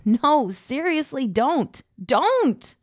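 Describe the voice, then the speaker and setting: A woman's voice: fairly high pitch, very animated, normal speed, no room sound, clean studio sound, voice pushed up. A woman voicing a playful young heroine in an audiobook, teasing and protesting in a raised, squealing voice. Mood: panicked squeals.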